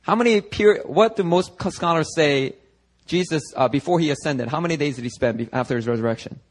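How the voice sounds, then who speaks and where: A man preaching a sermon at a church service, lively and conversational, acting out the voices of biblical figures as he goes. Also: fairly high pitch, a little fast, poor audio. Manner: animated, acts out voices of biblical figures, talks to the congregation. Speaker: pastor.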